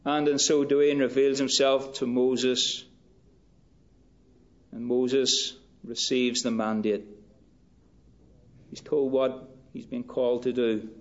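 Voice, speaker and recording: A man preaching a sermon in a slow, measured way, rising in pitch and force for emphasis. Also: flat delivery. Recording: dull lo-fi recording.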